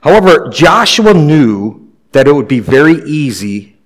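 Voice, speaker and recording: A pastor preaching a sermon in a conversational way, with light humor. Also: male voice, fairly high pitch, very animated, measured pace, rough recording.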